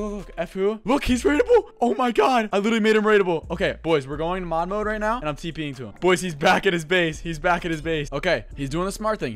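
A man giving frantic, excitable live commentary over his own gameplay, swearing often. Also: fairly high pitch. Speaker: gaming video creator.

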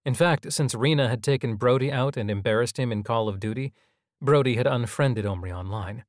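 A man's voice: mid-range voice, fairly quick, dry recording. Man narrating a story, dry close sound. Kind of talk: scripted audio drama narration.

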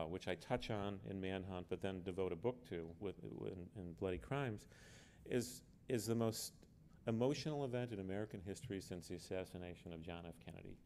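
A man with a fairly low voice gives an earnest author's talk at a book festival. He leans hard on key words and sometimes repeats himself as he builds a point. A faint hum sits under the recording. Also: moderate pace, darkish tone. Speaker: author speaking on a panel. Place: book fair event.

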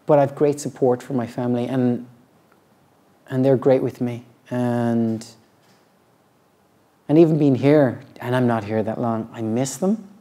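Middle-aged guy, yoga teacher, soft dark tone, thoughtful rambling talk w lots of restarts. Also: mid-range voice, steady tone. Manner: earnest, halting, with frequent restarts. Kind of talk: reflective personal talk.

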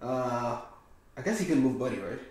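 Dude reacting to a show, lively and laughy, super echoey room. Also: male voice, medium pitch, normal speed. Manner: animated, laughs often, swears. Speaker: reaction video host. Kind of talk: casual reaction chat.

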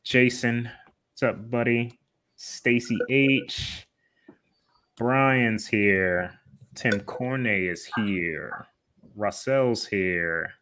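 A man's voice: medium pitch, extremely slow, bright, forceful tone, slight background noise. A man co-hosting a casual livestream, laid back and laughing often as he reads out names from the chat. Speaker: livestream co-host.

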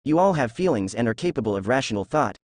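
A man's voice: mid-range voice, lively intonation, fast, darkish tone, dry recording, lightly acted. Laid-back teenage ninja boy, cheeky and easily flustered, read by a man. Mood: easygoing. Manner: lazy and flustered.

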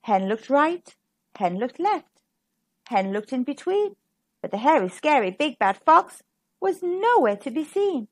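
A woman's voice: sits high, very animated, unhurried. A woman reading a rhyming picture book aloud to children in a sing-song, rhythmic way. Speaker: storybook reader. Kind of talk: children's storybook read-aloud.

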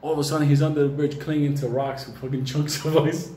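A market commentator tells a rambling personal story, casual and heavily profane, often breaking into laughter. His male voice is fairly high, level, fast, and warm. The room is echoey with faint ambient noise.

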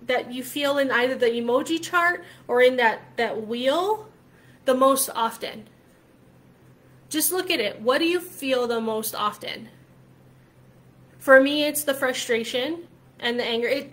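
A spiritual coach with a slightly high, fairly bright voice talks casually to camera. She's emphatic and chatty, often ending her points with "right?" and swearing freely.

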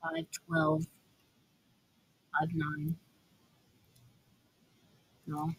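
Slow, husky woman reacting in disbelief. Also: low-pitched, monotone, low-quality recording. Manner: incredulous, quick outbursts of disbelief. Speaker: video reactor. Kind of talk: casual reaction commentary.

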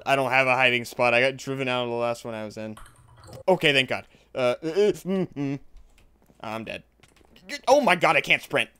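A man casually commentating his gameplay, panicky and exclaiming, quick to laugh. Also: mid-range voice, sharp tone, clear, resonant tone. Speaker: gaming video host.

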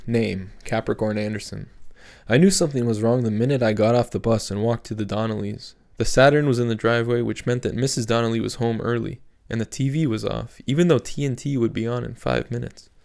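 A male audiobook narrator who reads in a steady, measured way. His voice sits at a middle pitch with a gravelly, creaky texture. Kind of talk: scripted narration.

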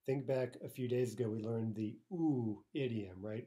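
A man teaching a casual spoken language lesson. He explains in a relaxed way, often checks in with "right?", and slows down to say example phrases. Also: medium pitch. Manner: slows down to pronounce Russian examples.

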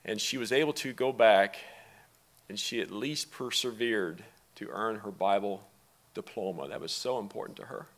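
A middle-aged man, a father speaking at a memorial service, talking softly and haltingly, with pauses. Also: on the low side. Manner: soft-spoken, halting, with pauses. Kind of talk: personal eulogy and reading aloud. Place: church sanctuary.

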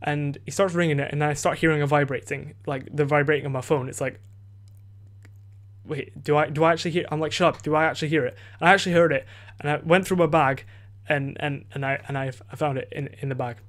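A teenage boy rambles through a story on his home podcast, speaking quickly in a slightly high voice. He restarts sentences constantly, leans on "like" and "you know", and swears without thinking. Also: fairly even intonation, fairly bright tone. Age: teens. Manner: rambling, many fillers and restarts, swears freely. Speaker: podcast host. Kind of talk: casual storytelling. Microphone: desk microphone.

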